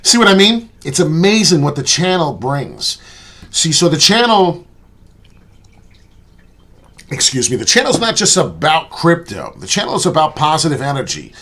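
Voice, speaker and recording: Male vlog host, husky voice with a wide, swinging pitch; candid, profane, rambling monologue. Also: very animated, normal speed, pauses often, a bit bright. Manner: earnest, rambling and candid, with frequent "uh" and "right?"; profane, blunt talk. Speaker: crypto channel host.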